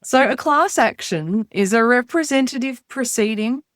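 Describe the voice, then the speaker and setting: A woman, a former barrister co-hosting a podcast, explaining things clearly and playfully. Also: fairly high pitch, lively intonation, moderate pace, a bit bright, dry recording, studio quality. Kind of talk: casual podcast chat.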